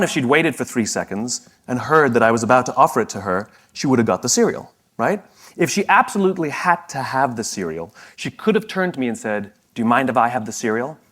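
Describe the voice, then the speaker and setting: Animated man telling a story on stage. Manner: animated storytelling, sweeping pitch swings; self-deprecating humor, often laughs. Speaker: speaker. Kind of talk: motivational talk.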